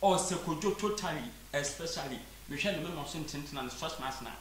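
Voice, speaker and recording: Ghanaian woman, emphatic, low-pitched. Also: brisk. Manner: emphatic, repeats words when stressing a point. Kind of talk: casual chat show discussion. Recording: echoey room with faint noise.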